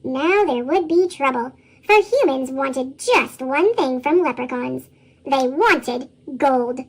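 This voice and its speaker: A woman reads a children's storybook aloud with lively expression. Her voice runs through a chipmunk pitch shift, very high and bouncy, with a wide, sing-song swing. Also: slow. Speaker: storybook reader.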